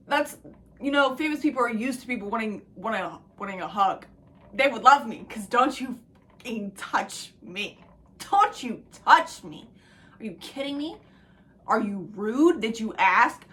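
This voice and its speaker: Young woman vlogging, chatty and rambling, bright clear voice, swears a lot, goes quiet and whispery then loud again. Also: mid-range voice. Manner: rambling, excitable, profane, laughs and drops to whispers. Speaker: book vlogger. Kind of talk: casual chat to camera.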